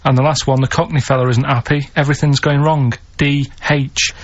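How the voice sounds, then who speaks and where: A deadpan man talks through a quiz segment on a radio show, slow and matter-of-fact, at a middling pitch. The sound is dull and lo-fi. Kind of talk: casual radio banter. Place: radio studio.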